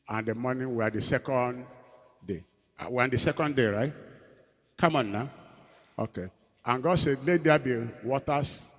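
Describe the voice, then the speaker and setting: A man preaching a sermon, quizzing his congregation and swinging between loud and soft in a rhythmic delivery. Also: medium pitch. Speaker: pastor. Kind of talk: sermon with call-and-response. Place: church. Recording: echoey hall.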